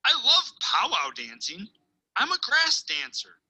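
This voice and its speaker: A woman teacher reading a picture book aloud, telling it expressively with dramatic pauses and hushed asides. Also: sits high, wildly swooping pitch, gravelly, slightly rough, rough recording.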